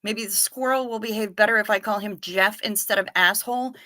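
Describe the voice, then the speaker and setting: A woman's voice: mid-range voice, fairly even intonation, fairly quick, bright, forceful tone. A woman hosting a casual livestream, reading viewers' comments aloud and chatting back to them in a friendly, apologetic way. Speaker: livestream host reading chat.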